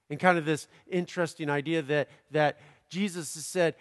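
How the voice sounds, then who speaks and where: A man preaching, reading a scripture passage aloud and pausing to comment on it in a slow, deliberate manner. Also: a little high. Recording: long hall reverb.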